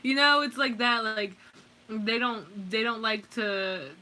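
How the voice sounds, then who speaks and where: A woman's voice: on the high side, takes it slowly, bright, forceful tone. A young woman doing a casual tarot reading, rambling and swearing freely, with lots of fillers. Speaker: tarot reader.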